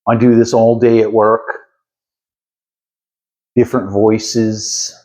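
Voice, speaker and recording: A man's voice: fairly low pitch, flat delivery, takes it slowly, a little mellow. A man delivering an opinion monologue to viewers, putting on a playful accent and pressing his points with repeated "okay?"s. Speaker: political commentator.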